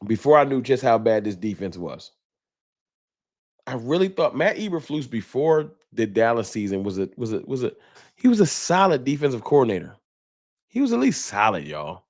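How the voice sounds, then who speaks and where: A man's voice: mid-range voice, sing-song, moderate pace, darkish tone. A man hosting a casual sports fan livestream, talking loose and slangy as he reads out viewer donations. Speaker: fan talk show host.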